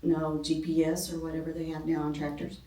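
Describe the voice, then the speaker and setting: A middle-aged woman teaches a women's church class in an easy, chatty way, dropping frequent ums and the odd joke at her own expense. Her voice sits a little low for a woman. She is picked up from across a roomy classroom, so she sounds distant and echoey. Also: level tone, fairly quick, dark tone. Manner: conversational, many ums, self-deprecating humor. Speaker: speaker at a ladies' church class. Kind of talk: informal Bible class talk.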